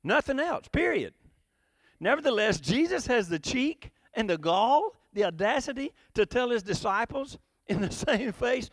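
A man preaching a sermon, animated, asking rhetorical questions and chuckling between points. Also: very high-pitched, measured pace, no room sound, studio quality.

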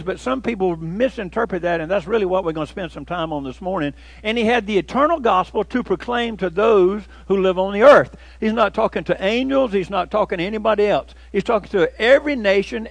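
Pastor preaching, high voice, chatty sermon that flares up loud, dry close mic. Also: male voice, creaky, no echo. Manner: folksy, conversational preaching with rising emphatic bursts.

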